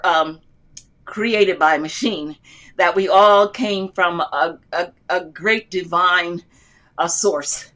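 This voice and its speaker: A woman's voice: medium pitch, fairly bright tone. An older woman hosts a casual live stream, speaking from the heart in a loose, rambling and uplifting way. She reads her viewers' comments aloud and answers them as she goes, talking from an airport. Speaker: livestream host answering loom knitting questions.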